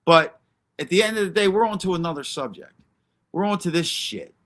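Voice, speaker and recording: Brash male streamer, bright edgy tone, a bit high, profane and combative while calling out rivals. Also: animated, fairly quick. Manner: brash, profane, confrontational, answers chat by name. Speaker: livestream host. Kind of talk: ranting livestream commentary.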